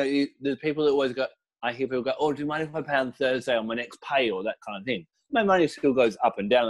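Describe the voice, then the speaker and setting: Man telling stories in an easygoing interview. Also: mid-range voice. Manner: relaxed, storytelling, explanatory with fillers. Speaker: crystal and essential oil teacher, guest. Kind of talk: casual interview talk.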